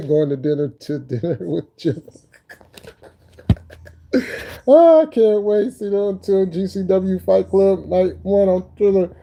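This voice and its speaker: Dude on a live stream cracking up nonstop, cussing, calling out chat folks by name, kinda mellow dark voice. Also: male voice, sits high, expressive, takes it slowly, gravelly, pauses often, slight background noise. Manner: laughs constantly, loose and profane banter; repeats phrases, talks to chat viewers by name.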